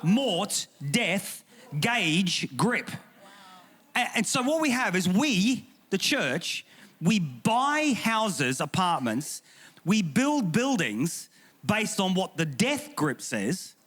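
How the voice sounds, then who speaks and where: English male pastor, slightly high voice, humorous and emphatic panel speaker. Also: big pitch swings, slow pace, a bit bright. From England. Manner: humorous, emphatic and indignant, with repeated restarts. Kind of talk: panel discussion talk.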